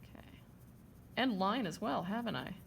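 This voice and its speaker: Gravelly-voiced woman art teacher. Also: mid-range voice, animated, normal speed, slight background noise. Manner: chatty, checks in with "okay?" and "right?". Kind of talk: drawing demonstration lesson.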